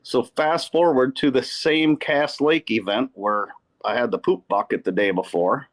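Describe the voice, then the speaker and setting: A man from Wisconsin, a podcast guest telling casual fishing stories in an animated way. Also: medium pitch, a little slow. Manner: animated anecdote teller who acts out quotes. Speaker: podcast guest, pro angler. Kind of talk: casual storytelling.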